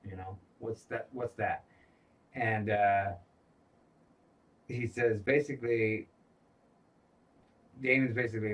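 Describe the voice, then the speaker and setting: A man's voice: lowish voice, fairly even intonation, slow pace, long pauses, recorded from a distance, low-quality recording. A man co-hosting a casual recap podcast, cursing freely as he retells scenes and quotes the characters. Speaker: podcast co-host.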